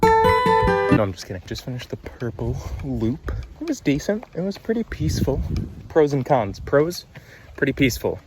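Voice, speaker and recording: A man's voice: mid-range voice, big pitch swings, moderate pace, music in the background. A young man chatting upbeat and self-teasing in a casual hiking vlog, recorded on a handheld camera on a wooded trail outdoors. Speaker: vlogger.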